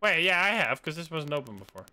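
A young man live-streaming a game, excitable, yelping and shouting whenever things go wrong. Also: on the high side, fast. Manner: excitable, yelps and shouts at setbacks. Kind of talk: live gameplay commentary.

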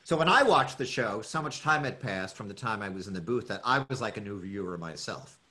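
A man's voice: fairly low pitch, expressive, brisk, pushed and bright. A man guesting on an interview show as a voice actor, chatting casually in a rambling way with frequent laughs.

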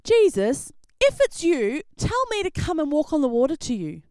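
A woman's voice: high voice, moderate pace, dry recording, pitched above the performer's own voice. A woman voicing an eager, bold male fisherman disciple in a children's Bible story. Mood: urgent. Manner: excited shouting storyteller voice.

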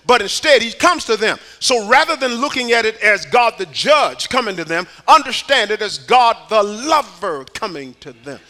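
A man preaches a sermon in a high, sharply bright voice. He sinks to near-whispers, then builds to shouted, repeated questions. His phrasing turns folksy and streetwise. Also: big pitch swings, normal speed, few pauses. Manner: preaching with swings from hushed to shouted calls. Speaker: pastor. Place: church sanctuary.

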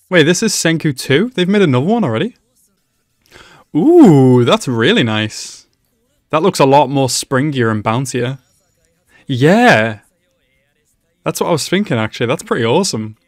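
A man's voice: mid-range voice, no room sound, studio quality. A man hosting an anime reaction video, chatting casually to the screen and laughing often. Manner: laughs often, excitable exclamations and asides to the screen. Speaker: anime reaction channel host. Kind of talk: casual live reaction commentary.

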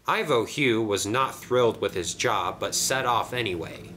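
A man narrating a children's toy train story in an expressive storybook style. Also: fairly low pitch, normal speed, hardly any pauses. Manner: lively, expressive.

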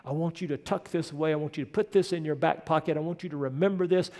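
A man preaching a sermon as pastor, emphatic, building to loud peaks and then dropping soft. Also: fairly high pitch, fairly even intonation, fast talker, in a large hall. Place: church sanctuary.

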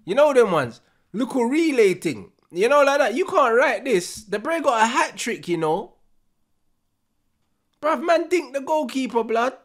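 A young man, reacting live to a football match with loud, slangy banter and frequent laughter. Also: extremely high pitch.

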